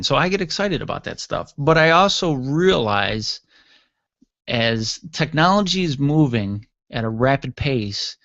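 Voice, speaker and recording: A man's voice: medium pitch, lively intonation, measured pace, vocal fry, a bit bright, no room sound, lo-fi sound. A man hosting his own podcast from a basement studio, rambling casually with jokey asides and yawning from tiredness. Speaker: podcast host. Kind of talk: casual solo podcast talk.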